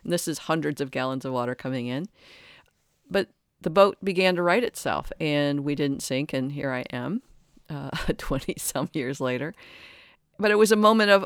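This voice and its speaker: A speaker in their sixties gives a reflective spiritual talk in a smooth, clear voice of middling pitch. They sound earnest and halting and often stop to restart a thought. The sound is dry and close. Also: no room sound. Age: 60s. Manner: earnest, halting, frequent restarts and self-corrections.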